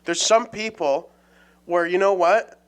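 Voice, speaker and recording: Man with a somewhat high voice bantering. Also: measured pace, clear, resonant tone. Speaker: podcast guest. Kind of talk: casual chat.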